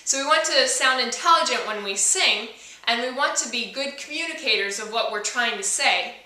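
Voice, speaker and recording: She's a voice instructor talking to the camera, cheerfully breaking down how to sing and illustrating points with her own singing. Her tone is fairly high, expressive, pushed, and bright, at a normal speed. The recording has a far-off mic and a reverberant room.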